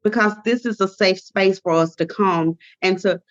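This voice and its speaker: A woman's voice: mid-range voice, moderate pace, no echo. A middle-aged woman, a ministry and life coach, telling family stories in a casual interview, often laughing. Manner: laughing storyteller with Southern dialect phrasing. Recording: dull lo-fi dry sound.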